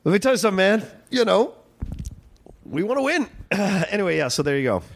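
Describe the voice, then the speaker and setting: Casting: male podcast co-host, profane, jokey, lively pitch. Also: fairly quick, faint music behind. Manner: swears freely, reactive and joking. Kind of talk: casual film discussion.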